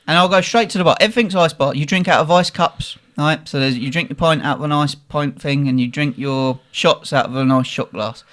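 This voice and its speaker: Brief: young guy, podcast co-host, animated storyteller who swears freely, voice a touch higher than most men. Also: brisk, hardly any pauses. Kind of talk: casual storytelling.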